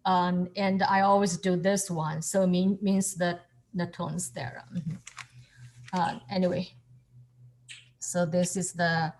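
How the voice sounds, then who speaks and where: A woman's voice: on the low side, little pitch movement, slow, a little mellow. A woman teaching a student over a video call, explaining patiently and encouraging the student as she repeats each word. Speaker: calligraphy and Chinese teacher. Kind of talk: online lesson explaining to a student.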